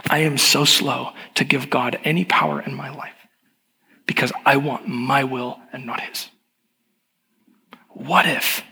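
A man's voice: fairly high pitch, pushed and bright. Middle-aged man preaching in a hall. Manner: candid, confessional storytelling. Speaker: pastor. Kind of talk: sermon. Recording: long hall reverb.

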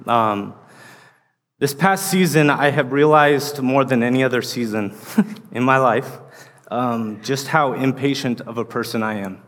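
A man's voice: medium pitch, unhurried, a bit bright. A man in his thirties, an associate pastor, preaching a sermon in a casual, rambling way full of fillers. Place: church sanctuary. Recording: long reverb of a large hall.

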